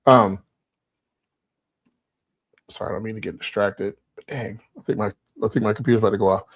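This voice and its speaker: A man guest in a casual livestream chat, easygoing and quick with laughing asides, over a video call. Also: fairly low pitch, fairly even intonation, dry recording.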